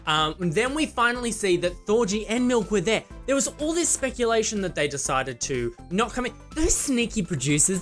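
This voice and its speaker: A young man giving a casual, rambling recap vlog, talking fast through tangents and asides. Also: high-pitched, a bit bright. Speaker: vlogger reviewing a TV episode.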